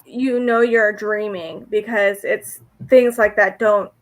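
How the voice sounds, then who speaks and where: A woman's voice: medium pitch, fairly even intonation, slow. A woman co-hosting a podcast, chatting in an easygoing, hesitant way. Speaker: podcast co-host. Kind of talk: casual chat.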